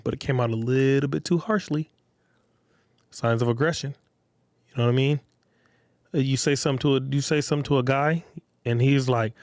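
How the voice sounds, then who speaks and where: A man's voice: medium pitch, normal speed, long pauses, no room sound, clean studio sound. Blunt man lecturing on his podcast. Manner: blunt, repetitive, street slang, addresses listeners directly. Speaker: podcast host. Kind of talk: casual monologue podcast.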